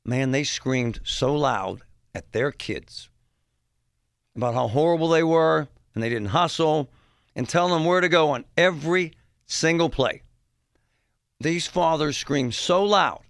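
A man hosting a talk show, telling a story in an animated, mocking way and mimicking yelling parents. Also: on the high side, a little slow, gravelly, no room sound, clean studio sound. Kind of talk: storytelling monologue.

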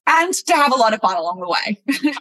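Female contestant, candid and open, bright tone. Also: a little high, big pitch swings, moderate pace, rough recording. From Australia. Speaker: reality show contestant. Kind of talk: casual interview chat.

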